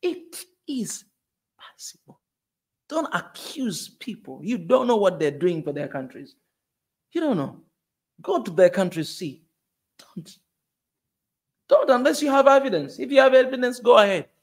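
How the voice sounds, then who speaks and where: A man's voice: high-pitched, very animated, moderate pace. A man with a Tanzanian accent vlogging from a car on a bumpy road, talking emphatically and repeating himself, sweating as he rises to anger. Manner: emphatic, repetitive, rising to anger. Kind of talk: passionate commentary vlog.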